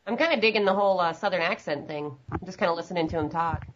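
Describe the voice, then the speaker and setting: Soft-spoken female co-host, low voice with lively pitch, dull audio. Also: fast, slight background noise. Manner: soft-spoken, distracted, apologetic. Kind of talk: casual chat.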